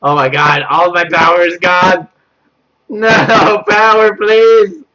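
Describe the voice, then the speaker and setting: With a bright, forceful tone, fairly even intonation, and a slow pace, a young man provides live commentary on a horror game. He panics, laughs nervously, and repeats himself while reading the chat aloud over a dull, low-grade mic.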